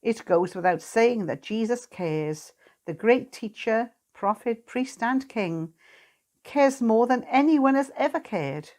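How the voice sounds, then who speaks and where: A woman giving a short sermon reflection to a church congregation, speaking in a gentle, earnest, pastoral way. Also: a little high, animated, takes it slowly. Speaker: lay preacher.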